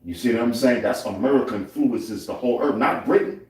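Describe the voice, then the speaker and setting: A man's voice: medium pitch, expressive, brisk, a little mellow. A man teaching a live Bible class in a loose, conversational preaching style, often asking "you see what I'm saying". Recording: echoey room from far off.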